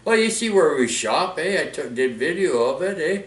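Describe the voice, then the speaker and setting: A man's voice: on the high side, very animated, normal speed. A man with a Canadian accent ranting in a casual, rambling way, full of fillers, restarts and "eh". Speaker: vlogger. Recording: echoey room, mic far off.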